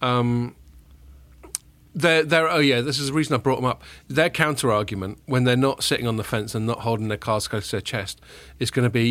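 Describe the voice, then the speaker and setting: A man's voice: mid-range voice, steady tone, brisk, a bit bright, dry recording. A man hosting a casual podcast chat, talking in a loose, joking way with the odd swear word. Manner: chatty, jokey, swears casually. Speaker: podcast host, tech journalist.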